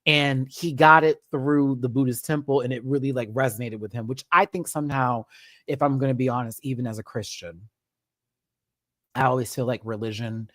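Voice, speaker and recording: Animated man ranting on a live stream. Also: mid-range voice, fairly quick, no echo, studio quality. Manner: animated and expressive, swears, acts out quotes. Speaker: live-stream show host. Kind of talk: casual live-stream recap rant.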